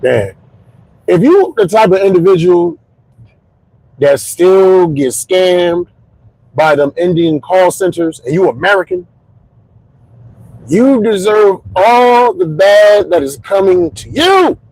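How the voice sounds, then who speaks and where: A man in his forties, a comedian hosting his podcast, telling jokes in a stand-up storytelling monologue with punchy, shouted punchlines, recorded in his car on the drive home. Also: high-pitched, lively intonation, slow, long pauses, dry recording, low-quality recording. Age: 40s.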